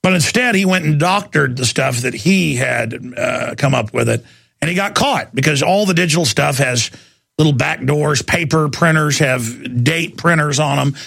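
Gravelly, sarcastic talk radio host man. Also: a little high, fairly bright tone, dry recording. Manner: rapid, sarcastic, rambling.

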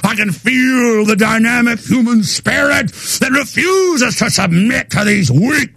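A man hosting a talk show, delivering a fiery on-air rant, shouting, worked up and breaking into manic laughter. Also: very high-pitched, lively intonation, unhurried, creaky, few pauses, noisy background.

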